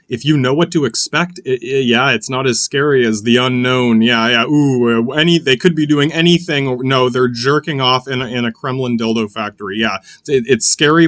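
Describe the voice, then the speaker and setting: A man's voice: medium pitch, fairly bright tone, no room sound. A man hosting a podcast, rambling through political commentary in a profane, sardonic way, full of "yeah, yeah" fillers and restarts. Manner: sardonic, mocking. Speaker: podcast host.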